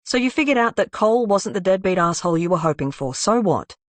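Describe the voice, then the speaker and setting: A woman's voice: mid-range voice, expressive, quick pace, dry recording, close to an everyday voice. A woman voicing a hard, guarded woman in an audiobook, speaking curtly and defiantly. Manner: curt, defiant.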